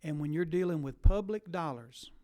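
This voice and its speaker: A man's voice: fairly high pitch, normal speed, warm tone. A man questioning witnesses at a legislative committee hearing, pressing his point and repeating words for stress.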